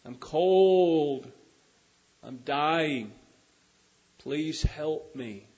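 A man voicing a dying male rattlesnake that begs softly for help in a story told during a sermon. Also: a little high, expressive, extremely slow, heavily acted. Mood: pleading. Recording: dull lo-fi recording.

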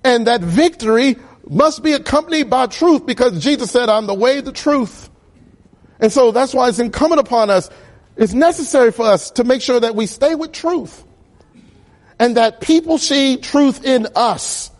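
A man preaching a sermon, building repeated phrases to loud emphatic peaks. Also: very high voice, moderate pace. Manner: emphatic, repetitive cadence, rising to loud peaks.

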